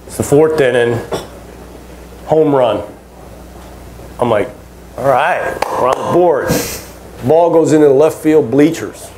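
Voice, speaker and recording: Speaking slowly with frequent pauses, this fifties-aged former ballplayer entertains a convention's fan audience as a panel guest. His mid-range voice wanders through casual, chatty anecdotes full of laughs and false starts, over a noisy background.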